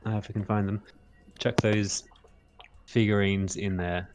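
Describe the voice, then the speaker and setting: A man with a fairly low voice plays in a tabletop game. He thinks out loud, hedging with ums, and faint music runs behind him. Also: flat delivery, unhurried. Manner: hesitant, thinks aloud with ums. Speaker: player. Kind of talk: casual tabletop game chat.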